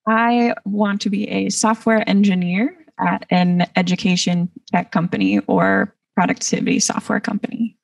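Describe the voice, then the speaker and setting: Gravelly-voiced woman far from the mic. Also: mid-range voice, lively intonation, normal speed, few pauses, no room sound. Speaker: workshop participant. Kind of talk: reading aloud in a workshop. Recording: distant mic.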